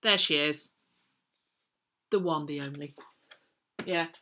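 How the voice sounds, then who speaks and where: A woman's voice: low voice, slow, bright, forceful tone, a little hiss or hum. A middle-aged woman, chatting casually as a book vlogger answering viewer questions, with frequent ums as she thinks aloud. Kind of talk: casual chat.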